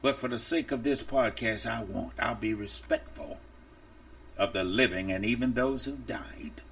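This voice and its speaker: A man's voice: lowish voice, a little slow, creaky, a bit bright, far from the mic. A male preacher delivering an impassioned, emphatic sermon for a podcast, openly angry.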